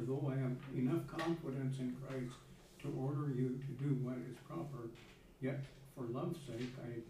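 A man with a dark, mellow voice reads scripture aloud in a steady, plain way. He is heard from a distance in a very echoey room, with faint noise. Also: medium pitch. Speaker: class member.

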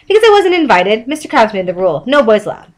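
A woman's voice: sing-song, quick pace. SpongeBob: a woman doing a chirpy cartoon sponge. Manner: high, eager, sing-song. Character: cheerful naive male sea sponge. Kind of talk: reading fan fiction aloud.

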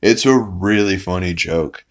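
Man, low voice, young adult, casual podcast recap, rambling, swears, lots of fillers. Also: a little slow. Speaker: podcast host.

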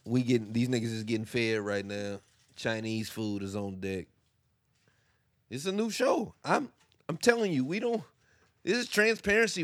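A young man hosting a podcast from his basement, giving a candid, profane monologue that swings between quiet, low stretches and loud bursts. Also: big pitch swings, normal speed, no echo. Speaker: podcast host. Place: home basement studio.

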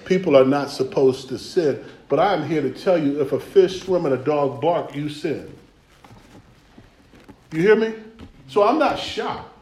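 A man's voice: fairly high pitch, lively intonation, measured pace, pauses often, darkish tone. A man preaching a sermon in a church, conversational and rhythmic, often asking the room if they hear him. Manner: conversational, rhythmic, calls for responses. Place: church sanctuary. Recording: echoey church hall.

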